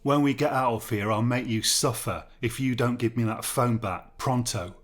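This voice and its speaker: A man's voice: medium pitch, moderate pace, close to an everyday voice. A man voicing a crude, aggressive male prisoner who talks in coarse slang and threats. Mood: threatening.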